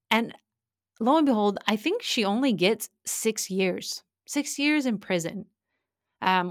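A woman hosting a podcast, telling a true case from her forensic work in a blunt, animated, conversational way. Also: medium pitch, no echo, clean studio sound. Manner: animated, blunt and conversational, acting out quoted voices. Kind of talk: casual true-crime storytelling.

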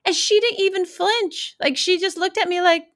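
A woman who works as a crime scene investigator, casually telling wry, animated stories from her work. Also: extremely high pitch, moderate pace. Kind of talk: casual anecdotal storytelling.

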